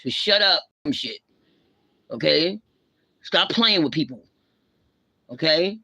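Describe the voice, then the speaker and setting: A woman's voice: sits low, expressive, slow pace, bright, forceful tone, breathy edge, no room sound. Blunt, scolding woman ranting live. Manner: blunt, confrontational, heavy slang; scolding, lecturing tone. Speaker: livestream host.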